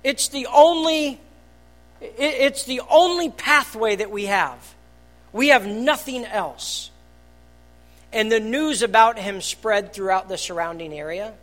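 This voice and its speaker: Pastor preaching in church, earnest, goes quiet then loud and punchy, mid pitch. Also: takes it slowly. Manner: earnest, swings from hushed to loud and emphatic. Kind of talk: sermon. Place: church hall.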